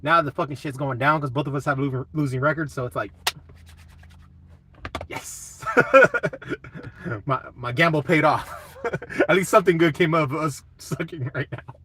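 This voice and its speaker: A man's voice: a little high, a little fast, sharp tone. A young man hosting a casual live chat, laid-back and swearing a lot while answering comments.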